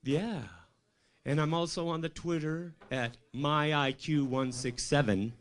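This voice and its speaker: A man from Colorado doing a rambling stand-up set at an open mic, telling deadpan stories and quizzing the crowd. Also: a little high, a little slow. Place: small comedy club stage.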